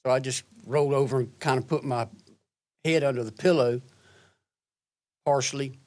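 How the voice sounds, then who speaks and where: A man giving courtroom testimony in a halting, plain-spoken way, recounting events step by step. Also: mid-range voice, fairly even intonation, a little mellow.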